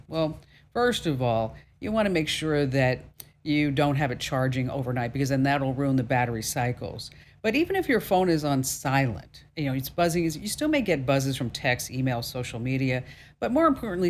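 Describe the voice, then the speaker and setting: A woman's voice: low-pitched, a little hiss or hum. A woman hosting a call-in radio show about technology, giving friendly, chatty advice to callers and listeners with casual asides. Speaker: tech radio show host.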